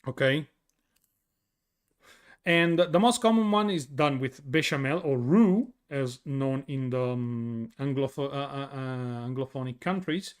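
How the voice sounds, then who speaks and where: A man's voice: mid-range voice, a little slow, clear, resonant tone. Tired Italian man chatting with viewers. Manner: chatty, explains with many fillers and restarts. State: tired from little sleep. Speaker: streamer answering chat. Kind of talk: casual chat reading viewer questions.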